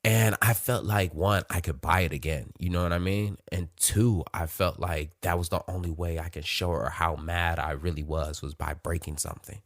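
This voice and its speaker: Deep-voiced man telling a candid story. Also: fairly even intonation, normal speed, gravelly, few pauses, no room sound, studio quality. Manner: frank, profane, emotionally open. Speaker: podcast host.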